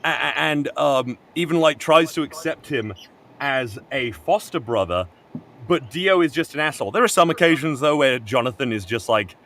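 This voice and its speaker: A man chatting casually on a group call, retelling a story in a rambling, animated way, full of fillers and restarts and casual swearing. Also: medium pitch, moderate pace, slight background noise. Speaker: stream co-host. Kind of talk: casual chat retelling an anime plot.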